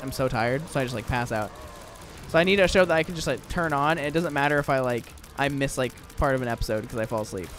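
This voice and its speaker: A young man rambling through casual gameplay commentary, full of fillers and restarts. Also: on the high side. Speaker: gaming YouTuber.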